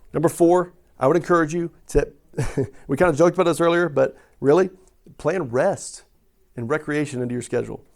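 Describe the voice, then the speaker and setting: A middle-aged male pastor delivers a sermon in a relaxed, conversational way. His voice sits a little higher than most men's, and he keeps asking questions and adding "right?" to pull the listeners along. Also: vocal fry. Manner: conversational, asks questions and tags lines with "right?".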